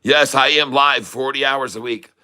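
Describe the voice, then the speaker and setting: An older man chatting his way through a live trading stream, folksy and jokey, breaking into laughs. His voice has a bright, forward edge. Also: medium pitch, fairly even intonation, moderate pace, clear, resonant tone. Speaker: livestream host, day trader. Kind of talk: casual live-stream chat, reading comments.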